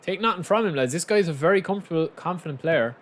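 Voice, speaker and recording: A young man chatting casually and commentating live on his own football game, bursting into excited shouts at big moments. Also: fairly high pitch, fast talker, slight background noise. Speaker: game streamer.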